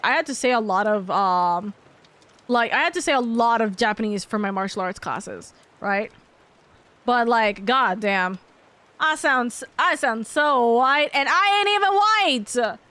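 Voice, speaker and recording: A woman's voice: high voice, a bit bright, no room sound. A young adult woman streamer chatting casually with her viewers, rambling and playful and swearing freely. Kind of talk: casual livestream chat.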